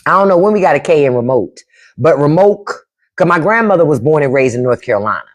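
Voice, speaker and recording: A woman hosting a casual livestream chat with viewers, animated, laughing often and mimicking family speech. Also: deep voice, fast talker. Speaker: podcast host on a livestream.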